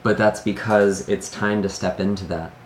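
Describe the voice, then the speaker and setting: A man with a fairly low voice gives a heartfelt tarot reading and sighs between his thoughts. The room is echoey, and a faint noise sits under his voice. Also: steady tone, normal speed. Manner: earnest and emotional, sighs often between thoughts. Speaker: tarot reader. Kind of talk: solo tarot reading to camera.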